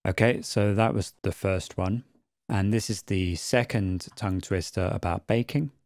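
A man narrating an audio production tutorial in a calm, methodical way. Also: sits low, unhurried, no room sound. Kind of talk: screen-recorded tutorial narration.

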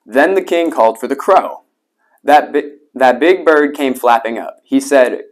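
A man's voice: medium pitch, a little slow. A man reading a children's picture book aloud, adding spoken sound effects. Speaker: reader. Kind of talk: storybook read-aloud.

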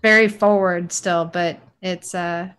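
A woman's voice: on the low side, fairly even intonation, takes it slowly, fairly bright tone, clear, resonant tone. Rambling woman chatting casually. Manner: rambling, many fillers and restarts. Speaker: e-liquid mixing podcast co-host. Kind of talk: casual chat.

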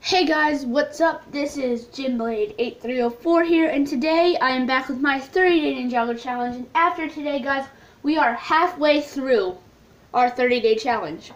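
A woman's voice: high-pitched, normal speed. A woman hosting her channel, talking through a casual recap in a rambling way with many ums and restarts. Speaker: channel host. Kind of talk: casual video recap talk.

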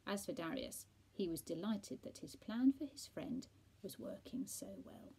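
A woman teacher reading a bedtime story aloud, with soft, half-whispered asides to children. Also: mid-range voice, wildly swooping pitch, unhurried, slightly rough, rough recording.

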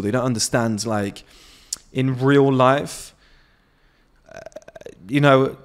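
This late-twenties vlogger focused on men's self-improvement talks in a mid-range voice at a measured pace. He's outdoors on his patio, giving an off-the-cuff motivational rant straight to camera, profane and blunt.

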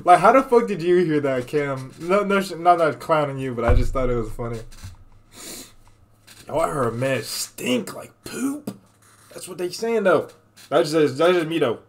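High-pitched male streamer, animated and profane, reacting off the cuff. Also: moderate pace. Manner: animated, profane, rambling with repeated restarts. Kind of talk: casual reaction commentary.

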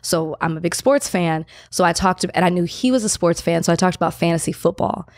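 Woman in her 30s, low-ish voice, chatty storytelling on a podcast, dry sound. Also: fairly quick, no room sound. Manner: animated storytelling, acts out quoted voices. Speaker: podcast guest. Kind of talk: casual chat.

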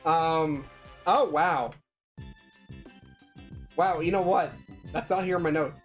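A woman's voice: sits low, slow pace. A woman chatting casually on a live gaming stream, playful and giggly, often stammering and repeating herself. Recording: game music behind.

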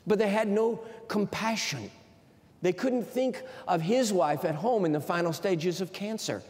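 A man's voice: sits high, measured pace, a little mellow. A man preaching a sermon in a large auditorium, telling stories with emphasis. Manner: storytelling, emphatic. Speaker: university president preaching. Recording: long hall reverb.

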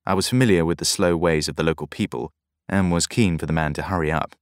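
A man reading a novel aloud in measured first-person narration. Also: low-pitched, no echo, studio quality. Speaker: audiobook narrator.

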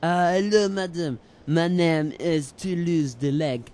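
A man's voice: on the high side, slow, a little mellow. A man putting on a bumbling French visitor. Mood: flustered. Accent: put-on French. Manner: hesitant, stumbling over words. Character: bumbling Frenchman with a wooden leg.

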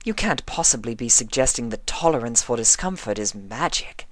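Casting: haughty posh unicorn mare, a man voicing her in a high, theatrical voice; dry, close recording. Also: lively intonation, fairly bright tone, no room sound, close to an everyday voice. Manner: posh, theatrical, drawn-out vowels. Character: haughty refined female unicorn fashion designer. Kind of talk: audiobook reading.

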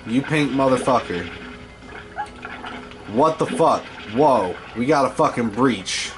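A man's voice: medium pitch, lively intonation, slow, long pauses, soft background music. A man giving profane, scolding commentary while playing a video game. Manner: foul-mouthed, scolding the game creatures. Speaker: gameplay host.

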